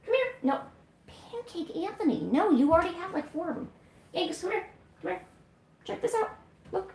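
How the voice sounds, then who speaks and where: A woman hosting a livestream, chatting casually and coaxing her cats with high, sing-song pet talk at home. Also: lively intonation, moderate pace, darkish tone. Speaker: livestream host. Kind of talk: casual chat to her cats during a stream. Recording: echoey room with faint hiss.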